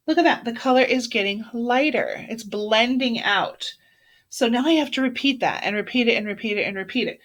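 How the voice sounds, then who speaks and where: A woman's voice: fairly high pitch, a little fast. A woman art teacher talking students through a shading demonstration, chatty and encouraging, narrating each step as she works. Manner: chatty, encouraging, self-narrating while drawing. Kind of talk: classroom demonstration lesson.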